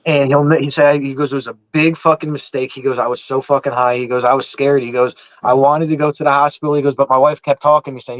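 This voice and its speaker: This East Coast man's mid-range voice stays fairly even in intonation as he races through a long, rambling story with hardly any pauses. His casual chat is thick with profanity and repeated "I said" restarts. The audio is dry yet muffled, dull and lo-fi.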